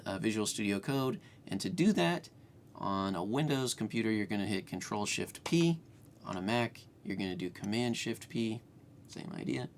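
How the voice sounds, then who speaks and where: This programming tutorial host speaks on the low side, talking through a screen-share coding lesson from home. His delivery is loose, full of fillers and false starts, with a bit of noise in the background.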